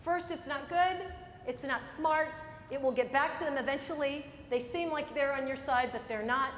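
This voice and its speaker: A woman with a high voice runs a live workshop and coaches a room of attendees in a direct, brisk way. She is recorded in an echoey meeting room with a long reverb tail. Faint room noise sits behind her. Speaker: workshop trainer. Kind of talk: live workshop lecture and demo. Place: meeting room before a group. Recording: echoey room, mic at a distance.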